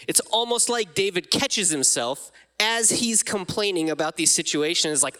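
Young guy pastor, casual sermon, bright voice sitting a bit high, gets dramatic reading the verses. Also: lively intonation, normal speed, hardly any pauses, clear, resonant tone. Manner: conversational, reads scripture aloud with rising dramatic emphasis. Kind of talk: casual sermon teaching from scripture.

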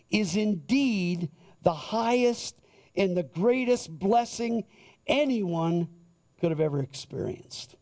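Male pastor, sermon; high, mellow voice, slow and deliberate through scripture. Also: creaky.

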